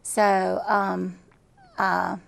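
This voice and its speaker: Middle-aged woman, gravelly voice, earnest repetitive storyteller, interview guest. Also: mid-range voice, little pitch movement, drawn-out words. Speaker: guest telling her story.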